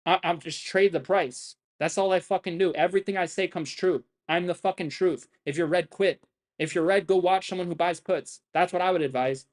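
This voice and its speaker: Brief: young man, raised voice, cocky trading streamer who swears constantly and lectures his chat. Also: high voice. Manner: brash, boastful, heavy swearing, repeats "right?". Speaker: stock trading livestreamer. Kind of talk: profane ranting livestream talk.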